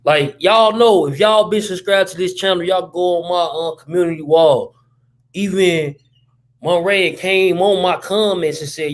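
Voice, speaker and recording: Give me a high-pitched man chatting casually as he reacts live for his viewers. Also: measured pace. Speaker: channel host reacting to a clip.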